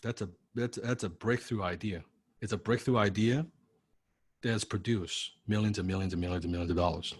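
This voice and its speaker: A man's voice: lowish voice, a little fast, breathy edge. A man teaching a recorded course lecture in a punchy, blunt way, firing rhetorical questions and checking "right?" after each point. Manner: blunt, occasionally swears for emphasis. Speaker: course instructor.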